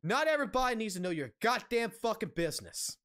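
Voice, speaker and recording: A man's voice: high voice, sing-song, quick pace, fairly bright tone. A man streaming a casual rant, angry and heavily profane, blunt, repeating himself for emphasis.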